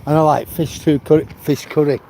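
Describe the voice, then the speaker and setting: A man's voice: fairly high pitch, fairly even intonation, a little fast, creaky, dark tone. A man, chatting casually and rambling while on a walk outside, often saying "you know". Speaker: live-stream host. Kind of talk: casual chat while walking. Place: outdoors on a rural walk. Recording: outdoor noise with passing vehicles.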